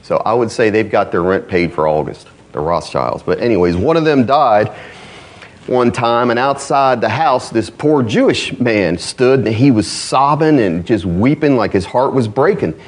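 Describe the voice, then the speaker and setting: A man delivers a sermon in a church with a folksy, conversational touch. He laughs easily and fires off rhetorical questions. His pitch swings widely from low asides to high, emphatic peaks. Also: expressive, normal speed. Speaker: pastor.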